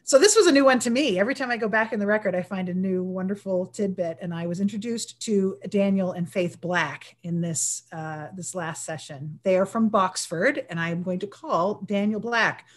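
A woman's voice: mid-range voice, normal speed, hardly any pauses. Chatty woman historian presenter. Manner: chatty, enthusiastic, with laughs. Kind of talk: virtual history talk.

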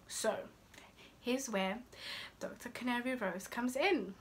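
A woman's voice: on the high side, slow pace. A young woman, giving sassy, scolding dating advice in a casual vlog. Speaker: vlogger.

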